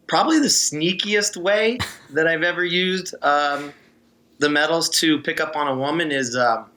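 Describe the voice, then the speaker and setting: A man's voice: a little high, moderate pace, sharp tone. A man, a former swimmer, chatting as an interview guest and telling easygoing stories with frequent laughs. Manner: storytelling, easygoing, laughs often. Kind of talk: casual interview chat.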